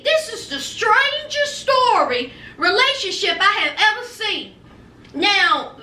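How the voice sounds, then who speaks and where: A woman's voice: very high-pitched, bright, forceful tone. A woman recapping a reality show in casual, sassy commentary, retelling the drama with slang and flair. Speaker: reality TV reviewer. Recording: echoey room, mic at a distance.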